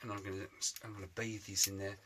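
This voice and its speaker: A man's voice: on the low side, flat delivery, quick pace, a bit bright, slight background noise. Chatty man in a workshop shed. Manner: chatty, jokey, self-mocking asides. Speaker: motorbike restoration vlogger. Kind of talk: casual workshop chat to camera.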